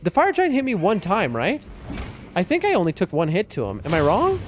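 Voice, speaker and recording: A man's voice: sits high, wildly swooping pitch, fairly quick, slight background noise. A man streaming a game from his room at home, chatting loosely with his viewers in a rambling way. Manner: chatty, rambling, talks to chat and his cat. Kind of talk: casual live-stream chat.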